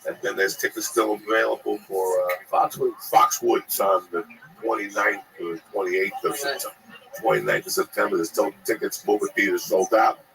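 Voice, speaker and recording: A man's voice: lowish voice, fairly even intonation, moderate pace, vocal fry, crowd noise, low-quality recording. A man hosting his own podcast, talking in a brash, profane way while plugging upcoming shows. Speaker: podcast host and touring comedian. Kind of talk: casual podcast chat.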